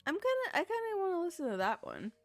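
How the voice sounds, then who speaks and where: Lively chatty woman streamer. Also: very high voice, fast talker, soft background music. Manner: chatty, rambling, talks to viewers. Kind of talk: casual live-stream chat.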